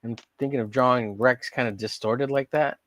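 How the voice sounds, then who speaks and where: A man's voice: mid-range voice, steady tone, normal speed, fairly bright tone, no room sound. A man chatting casually while drawing on a live stream, joking and teasing and laughing often.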